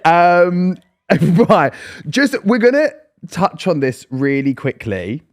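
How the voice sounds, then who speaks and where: A man's voice: sits high, big pitch swings, slow pace. A man hosting a podcast, chatting casually and reacting with interest to his guest. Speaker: podcast host. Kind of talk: casual chat.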